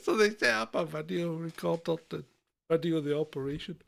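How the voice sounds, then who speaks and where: A man's voice: on the high side, fairly quick, creaky, a bit bright, a little hiss or hum. A man co-hosting a comedy podcast in casual chat, rambling through stories and often laughing mid-sentence. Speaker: podcast co-host.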